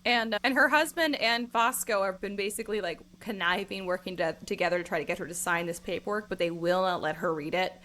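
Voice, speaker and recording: A woman talks through a novel's plot in a casual podcast, expressive and emphatic. Her tone is bright and forward. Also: mid-range voice, fast talker, hardly any pauses. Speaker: book club podcast co-host. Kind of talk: casual book discussion.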